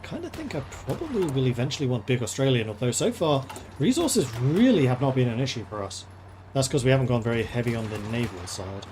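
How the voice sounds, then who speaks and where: A man's voice: mid-range voice, big pitch swings, brisk, noisy background. A man streaming a strategy game, thinking aloud in a chatty, playful way as he plays. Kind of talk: casual gameplay commentary.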